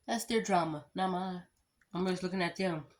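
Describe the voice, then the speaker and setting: A woman's voice: fairly low pitch, moderate pace. A woman in her thirties chatting casually to her viewers, rambling through storytime anecdotes and addressing them as y'all. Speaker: vlogger.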